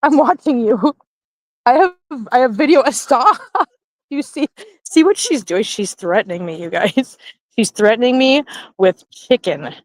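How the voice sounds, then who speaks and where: A middle-aged woman chats playfully on a livestream, her voice sitting a little high and breaking into giggles. She talks into a handheld phone outdoors at night. The sound is close and dry. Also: lively intonation, a little slow, no room sound, low-quality recording. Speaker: livestream host. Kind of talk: casual livestream chat.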